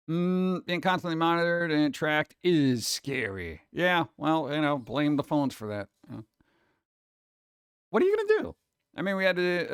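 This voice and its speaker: Chatty man with a smooth, resonant voice. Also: a little high, no echo, clean studio sound. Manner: animated, chatty, slips into mock voices. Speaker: streamer host. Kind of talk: casual chat with viewers.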